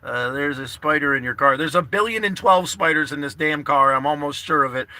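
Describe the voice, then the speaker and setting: A man's voice: fairly high pitch, brisk, sharp tone, dry recording. A man chatting casually to livestream viewers from his parked car, rambling and earnest, repeating himself and swearing freely. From New York State.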